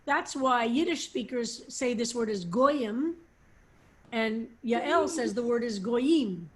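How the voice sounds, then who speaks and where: A woman rabbi teaching a psalm class over a video call, explaining slowly with many fillers and restarts. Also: fairly high pitch.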